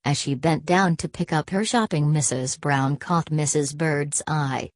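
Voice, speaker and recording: A woman reading a children's storybook aloud in a steady, even storytelling manner. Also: sits low, a little slow, few pauses, no room sound. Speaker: reader. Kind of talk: storybook narration.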